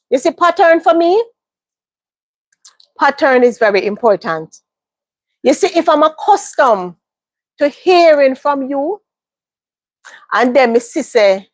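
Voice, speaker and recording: High-voiced woman, dry sound. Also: no room sound. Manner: emphatic, repeats phrases for stress. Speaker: livestream host. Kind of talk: casual advice monologue.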